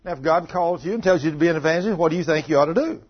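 A man's voice: a little high, racing, slightly rough. A man preaching a folksy, conversational sermon and acting out the voices he quotes. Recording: muffled lo-fi recording.

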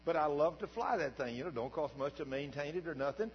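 An older man preaching as a pastor, telling a story in a folksy, animated way that swings from quiet asides to shouts. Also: on the high side, fast. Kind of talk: sermon storytelling. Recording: dull recording with long hall reverb and mains hum.

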